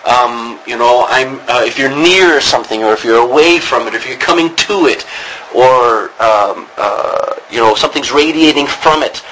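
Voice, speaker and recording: A man's voice: medium pitch, normal speed, pushed and bright, slight background noise, rough recording. A man teaching a class on biblical Greek, rambling with many ums and restarts. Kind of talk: classroom lecture.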